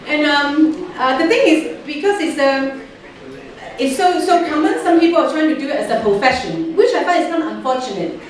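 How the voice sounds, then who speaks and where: High-voiced woman doing stand-up. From Hong Kong. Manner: dry punchlines broken by frequent fillers and hesitations. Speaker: stand-up comedian. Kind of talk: stand-up comedy set. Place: comedy club stage. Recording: very echoey, distant stage mic with noise.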